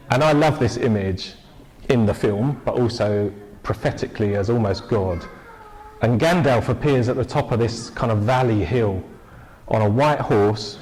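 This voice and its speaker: A man preaching a sermon in a relaxed, conversational way, telling stories with lively bursts and restarts. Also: medium pitch, poor audio. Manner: conversational, animated storytelling with restarts. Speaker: pastor.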